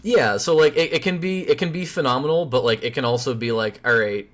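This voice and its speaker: A man's voice: medium pitch, a little fast. A man guesting on a podcast, talking casually with many fillers and restarts and laughing often. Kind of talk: casual chat.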